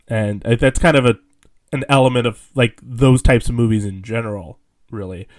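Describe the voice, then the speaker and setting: A man talks through a film in a loose, rambling way, circling his points with fillers and restarts. His pitch sits in the middle, and he laughs easily along the way. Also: normal speed. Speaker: podcast co-host. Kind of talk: casual film discussion.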